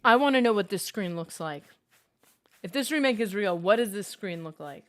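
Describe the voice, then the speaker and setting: A young adult woman hosting a casual gaming livestream, chatty and excitable, reading chat aloud and reacting. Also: mid-range voice, moderate pace. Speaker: livestream host.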